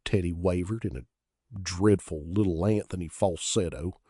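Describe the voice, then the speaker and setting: A man reading a story aloud in an expressive, conversational way. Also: low-pitched, normal speed, husky, dry recording, studio quality. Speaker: audiobook reader. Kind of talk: storybook narration.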